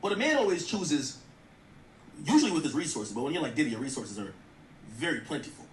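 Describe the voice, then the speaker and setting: A man's voice: on the high side, sing-song, fast talker, echoey room, far from the mic, a little hiss or hum. A man giving blunt, profane, mocking commentary in a rant. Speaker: streamer commentator. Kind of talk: ranting commentary.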